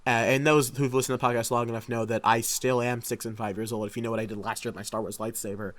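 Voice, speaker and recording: A young man co-hosting a movie podcast, talking in an excitable, rambling way with lots of restarts. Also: mid-range voice, fast. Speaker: podcast co-host. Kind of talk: casual chat.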